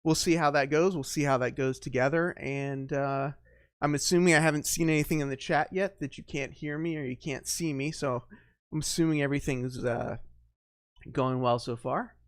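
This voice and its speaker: A man hosting his first live stream, chatting off the cuff, greeting viewers one by one and often pausing on fillers. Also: a little high, steady tone, no room sound, clean studio sound. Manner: unscripted, greets viewers by name, halting with fillers. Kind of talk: casual live stream chat.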